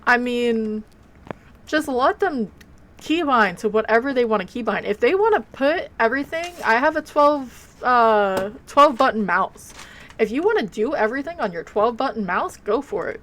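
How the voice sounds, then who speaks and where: A woman's voice: a little high, lively intonation, moderate pace, fairly bright tone. A woman streamer chatting casually while playing a game, rambling and blunt, with offhand swearing. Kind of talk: casual live game commentary.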